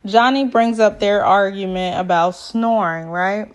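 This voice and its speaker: A woman's voice: mid-range voice, a little slow. A woman recapping a reality show in a sassy, chatty way, full of slang asides. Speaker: TV recap vlogger.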